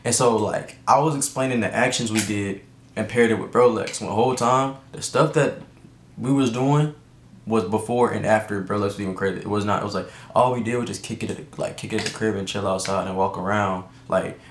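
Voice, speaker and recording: A young man from Atlanta tells a story from his own life in a loose, slangy ramble, circling back and restarting his sentences. His voice sits low and gravelly. The room gives a noticeable echo. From Atlanta, USA. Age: young adult. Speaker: YouTuber. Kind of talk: casual storytime monologue. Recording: roomy echo, faint background noise.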